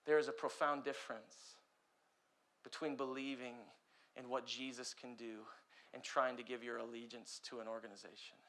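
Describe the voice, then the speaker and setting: A young adult man preaching a sermon as pastor, impassioned, swinging between loud urgent passages and quiet ones. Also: mid-range voice, level tone, moderate pace.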